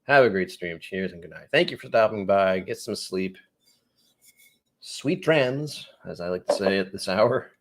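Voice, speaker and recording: A man's voice: deep voice, a little fast, hardly any pauses. A man hosting a live whiskey tasting stream, chatting casually, rambling and joking at himself as he reads viewer comments. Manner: rambling, self-mocking, reads chat comments aloud. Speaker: whiskey channel host.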